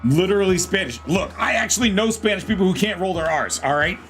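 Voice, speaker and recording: A man's voice: high-pitched, expressive, quick pace, fairly bright tone, soft background music. A man hosting a live-streamed simulated wrestling show, announcing entrances with hammy rolled R's and joking and laughing with his chat from a home green-screen setup. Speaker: wrestling commentator and stream host.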